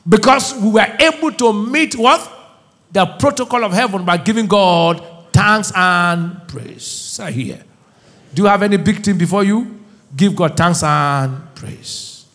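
Brief: middle-aged male pastor, high voice, call-and-response sermon, soft asides to shouts. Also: a little slow.

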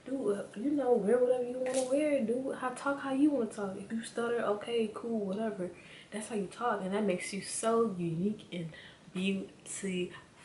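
Animated woman ranting to camera, echoey room. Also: a little high, fairly quick. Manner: animated, repeats herself, talks straight to viewers. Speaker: spiritual vlogger. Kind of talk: casual motivational rant to camera. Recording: echoey room with faint background hum.

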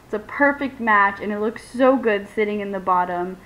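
A young woman in casual unboxing chat who gushes, squeals and laughs often as she talks to her viewers. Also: normal speed. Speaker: vlogger unboxing a reborn doll. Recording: dull lo-fi home video with faint rumble.

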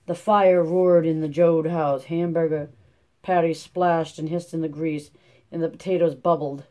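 Steady, mellow narrator for classic-novel audiobooks. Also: medium pitch. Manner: steady, measured reading. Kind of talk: scripted narration.

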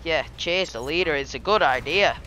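Male gamer, excitable trash talker, high bright voice. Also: normal speed, faint music behind. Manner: excitable, trash-talking, laughs often. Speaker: gaming YouTuber. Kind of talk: live gameplay commentary.

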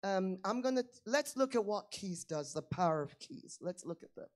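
A woman preaching a sermon, swinging between hushed lines and loud emphatic ones, acting out little everyday dialogues. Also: medium pitch, lively intonation, moderate pace. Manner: acts out little dialogues in plain voices.

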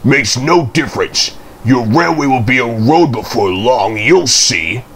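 A grumpy, spiteful steamroller from a children's storybook, as a man puts him on. He speaks gruffly and scornfully, slow and unbothered. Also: mid-range voice, animated, a bit bright, a little hiss or hum.

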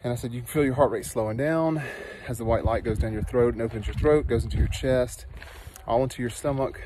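A man's voice: medium pitch, noisy background. Earnest man telling a trail story outdoors. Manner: earnest, animated storytelling that turns soft and slow when guiding meditation. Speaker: nurse and meditation teacher. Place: outdoors in a dry canyon.

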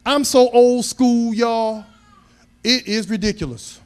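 A man's voice: very high-pitched, slow. A middle-aged man preaching a sermon, telling homey family stories with humor and building to emphatic, raised points. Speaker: pastor.

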